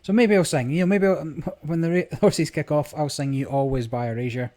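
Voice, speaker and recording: A man's voice: on the high side, brisk, dark tone. A man giving casual, rambling commentary on his screen recording, with many fillers. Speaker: gaming vlogger. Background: game music.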